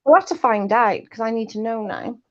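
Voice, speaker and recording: A woman's voice: a little high, fairly quick. A woman chatting casually on a livestream, laughing often and telling rambling stories. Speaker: guest co-host. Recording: muffled lo-fi stream audio.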